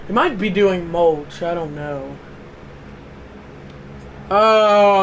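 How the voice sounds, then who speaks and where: Streamer, male, high-pitched, unhurried, mock play-by-play with loud call-outs and mumbled asides, home room, faint fan hum. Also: poor audio. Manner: swings between loud excited play calls and low offhand asides to chat. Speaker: livestream host. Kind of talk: mock play-by-play commentary on a football video game.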